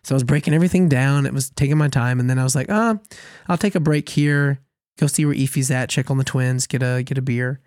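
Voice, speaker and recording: Animated man telling a story, dry sound. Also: medium pitch, quick pace, no room sound. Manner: animated, laughing, self-mocking storyteller. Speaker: podcast co-host. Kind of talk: casual storytelling chat.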